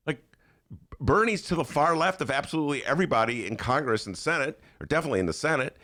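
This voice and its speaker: A man hosting a podcast from a studio, riffing on politics with mocking sarcasm and loose, animated talk. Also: mid-range voice. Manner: animated, mocking, shifts into put-on voices. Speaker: podcast host. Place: radio studio.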